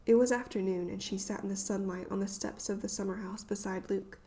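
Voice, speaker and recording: A woman reading an audiobook aloud in a measured, hushed, suspenseful manner. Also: mid-range voice, steady tone, breathy edge. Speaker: audiobook narrator. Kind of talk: scripted audiobook narration.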